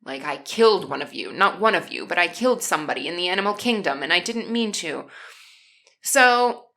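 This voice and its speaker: A woman's voice: fairly low pitch, lively intonation, fairly quick, creaky, bright, forceful tone. A woman vlogger telling a personal story in a casual, emotional way, with many restarts and asides to her viewers. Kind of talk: casual storytelling while coloring.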